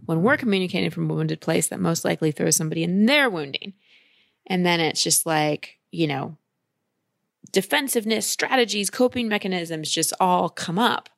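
A woman's voice: lowish voice, normal speed, gravelly, no echo, clean studio sound. A woman giving a caller direct, emphatic emotional coaching in a conversation. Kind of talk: advice conversation.

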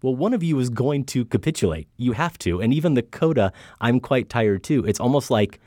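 A man's voice: mid-range voice, big pitch swings, a little fast, mellow, no room sound, studio quality. A middle-aged man co-hosting a film podcast, talking in a reflective, earnest way about a movie and his own family. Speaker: podcast co-host. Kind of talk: casual film discussion.

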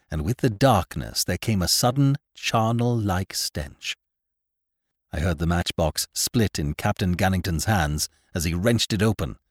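A man reading a first-person horror story as an audiobook narrator, hushed and suspenseful, swelling on tense moments. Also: fairly low pitch, dry recording, clean studio sound.

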